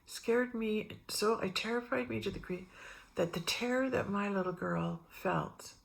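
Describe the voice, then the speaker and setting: A woman's voice: medium pitch, normal speed, gravelly. A middle-aged woman vlogging about spiritual matters, telling meandering personal stories and acting out the voices of the people in them. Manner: meandering, animated re-enactments with quoted voices. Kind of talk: rambling personal storytelling.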